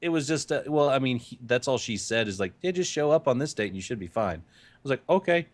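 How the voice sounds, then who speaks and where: A man's voice: medium pitch, lively intonation, quick pace. A man from the United States co-hosting a casual podcast, telling stories in a rambling, hesitant way full of fillers. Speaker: podcast co-host.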